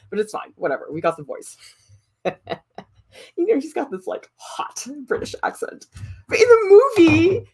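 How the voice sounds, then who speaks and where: A woman art teacher chatting casually while sculpting, animated and laughing often. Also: medium pitch.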